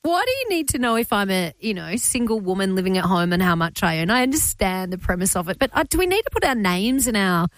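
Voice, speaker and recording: A woman's voice: medium pitch, big pitch swings, fast, hardly any pauses, dry recording. A woman co-hosting breakfast radio, chatty and teasing, laughing often, on a studio mic. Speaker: radio co-host. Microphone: studio microphone.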